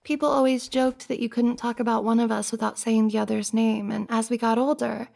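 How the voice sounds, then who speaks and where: A flustered young best friend, played by a woman in a whispered role-play, soft and earnest, pleading and stumbling over her words. Her fairly high voice has a gravelly fry at the ends of phrases. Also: flat delivery, fairly quick. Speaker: ASMR roleplay performer.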